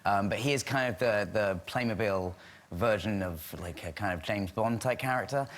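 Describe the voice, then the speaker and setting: A man's voice: lowish voice, moderate pace. A man guest on a talk show, chatting in a self-deprecating, friendly way. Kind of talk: chat show conversation. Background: studio audience.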